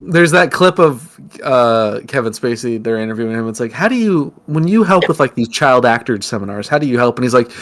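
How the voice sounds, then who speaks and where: A man's voice: mid-range voice, a little fast, few pauses. A young man co-hosting a casual comedic podcast chat, laughing often and breaking into exaggerated outbursts. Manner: animated, laughs a lot, jumps into mock outbursts. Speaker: podcast co-host.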